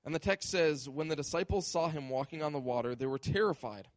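A man's voice: a little high, lively intonation, normal speed, fairly bright tone, no room sound. Emphatic preaching man, dry sound. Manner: emphatic preaching, acts out imagined voices. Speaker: pastor. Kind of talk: sermon.

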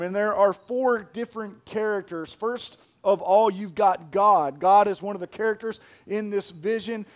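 A male pastor preaching a sermon emphatically, repeating his key lines for weight. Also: high voice.

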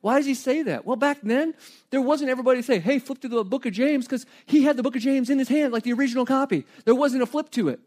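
A middle-aged man preaching a sermon in a conversational, animated way, with asides and light humor. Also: extremely high pitch. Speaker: pastor.

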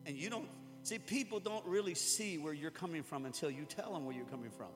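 A pastor with a voice on the high side speaks fairly quickly, preaching a sermon to an audience in a church hall. He keeps it conversational, joking and acting out little quotes, with hall reverb and music behind him.

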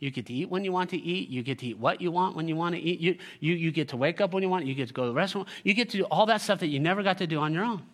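Rapid-fire and barely pausing, this pastor speaks in a fairly high voice. His sermon is lively and full of jokes and sarcastic remarks as he reads scripture aloud and guides the congregation.

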